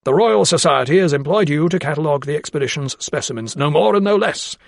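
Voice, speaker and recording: A man voicing a stern, solemn old gentleman. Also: animated, moderate pace, creaky, no room sound, clean studio sound. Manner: emphatic, formal and raised in pitch. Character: solemn, guarded elderly gentleman of science.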